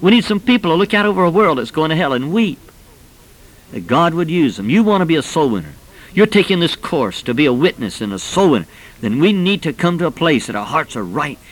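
A man's voice: fairly high pitch, poor audio. A middle-aged man preaching a sermon, fervent and impassioned, his voice rising on key points.

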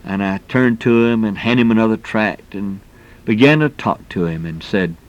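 A man's voice: on the low side, normal speed. Folksy, emphatic male preacher. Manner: folksy and emphatic, exclamations of "man". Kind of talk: sermon.

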